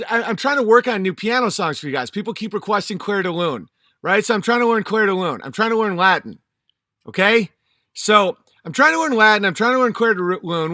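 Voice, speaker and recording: A man's voice: high-pitched, pushed and bright, dry recording, studio quality. A man in his thirties, a channel host, delivering an angry, profane and emphatic vlog monologue.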